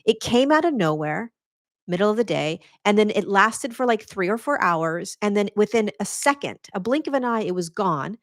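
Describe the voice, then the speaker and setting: A woman hosting a podcast who tells a personal spiritual story straight to her listeners, earnest and animated, often restarting her words when excited. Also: medium pitch, moderate pace, no echo, studio quality. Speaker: podcast host.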